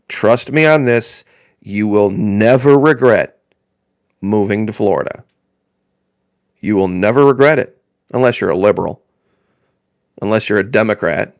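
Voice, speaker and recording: A man's voice: lowish voice, normal speed, clean tone, no echo, clean studio sound. A man from northern Indiana hosting a live stream in casual chat, rambling in a folksy way and repeating phrases for emphasis.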